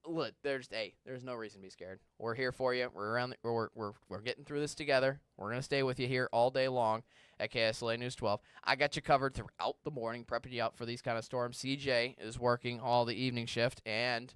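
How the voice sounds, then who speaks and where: In a TV station studio, a male meteorologist answers viewer questions during a live, conversational weather broadcast, sometimes stumbling and restarting as he searches for words. His medium-pitched voice is steady, brisk, smooth, and fairly bright, in a dry recording.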